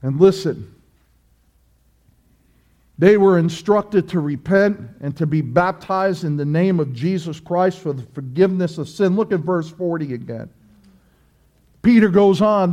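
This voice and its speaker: Male pastor, emphatic sermon delivery full of rhetorical questions, high voice, slow measured pace. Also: lively intonation, dark tone. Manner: emphatic preaching with repeated phrases and rhetorical questions.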